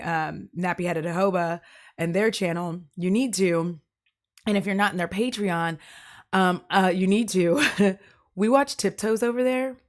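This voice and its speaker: A woman streamer with a cough talks with her viewers in a casual, rambling stream chat, laughing a lot. Her illness has deepened her voice.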